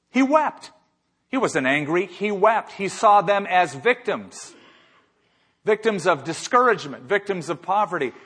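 A man's voice: a little high, a bit bright, slightly rough. A man preaching a sermon as a pastor, emphatic, with rhetorical questions and repeated phrases.

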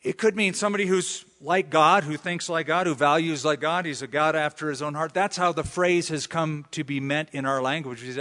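A man's voice: on the high side, fairly quick, hardly any pauses, fairly bright tone. A man preaching a sermon, who often acts out the voices of the people he quotes. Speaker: pastor. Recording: long hall reverb.

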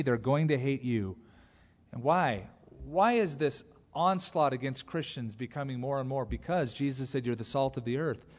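A man preaching a sermon, animated, acting out quotes in other voices as he goes. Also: medium pitch. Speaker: pastor. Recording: long hall reverb.

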